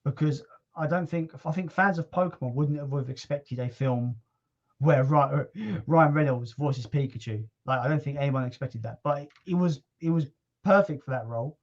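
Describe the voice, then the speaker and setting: A man hosting a casual livestream chat, relaxed and chatty, with casual swearing. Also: on the high side, normal speed, lo-fi sound. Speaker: livestream host.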